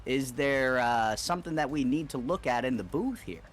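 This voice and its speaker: Halting male co-commentator with music behind. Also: mid-range voice, expressive. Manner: halting, repeats words, many fillers. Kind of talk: live esports race commentary.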